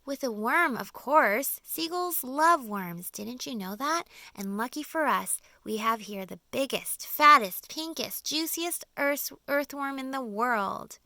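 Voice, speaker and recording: Storybook boy, calm and resolute, earnest steady delivery, bright dry sound; woman performer. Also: high voice, slow pace, few pauses, no room sound, pitched above the performer's own voice, exaggerated voice. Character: young boy, calm and determined. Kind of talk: audiobook character voice.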